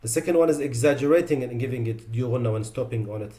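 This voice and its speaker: In a tajweed lesson about recitation mistakes, a man with a fast, mellow delivery recites each sound as a demonstration. He then drops his voice low to describe what's wrong with it.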